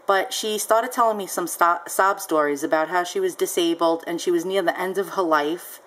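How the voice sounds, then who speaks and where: A woman's voice: fairly low pitch, moderate pace, fairly bright tone, rough recording. A woman seller casually recounting a story on her vlog, chatty and peppered with ums and asides. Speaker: online seller.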